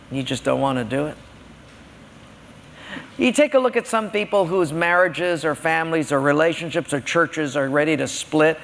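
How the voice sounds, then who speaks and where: A man's voice: fairly high pitch, vocal fry, a bit bright. A man preaching a sermon in a conversational, storytelling way. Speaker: pastor. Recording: long hall reverb.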